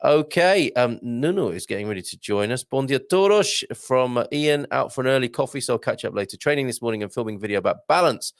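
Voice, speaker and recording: A man hosts a live online show, reading out viewer messages and reacting with quick exclamations. His pitch swings widely, and his voice sits close and dry with no room sound. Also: dry recording. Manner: chatty, reads out comments with lively exclamations. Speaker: host. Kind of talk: live-stream chat reading viewer comments.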